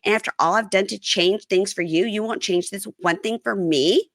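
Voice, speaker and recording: A woman's voice: mid-range voice, moderate pace, no room sound, studio quality, close to an everyday voice. A woman voicing an indignant, demanding young wife while recapping a reality show. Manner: quoted in a casual recap.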